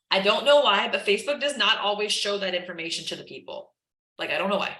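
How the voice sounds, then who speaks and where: Lady teaching her team, lots of "like", bright voice, roomy echo. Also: medium pitch, expressive, fast. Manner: chatty, lots of "like", acts out chat messages. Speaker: team trainer. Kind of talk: casual live training session.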